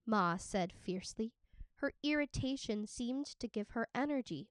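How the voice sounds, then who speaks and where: Slow, clear woman reading a story aloud. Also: on the high side, lively intonation, dry recording. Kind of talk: audiobook read-aloud narration.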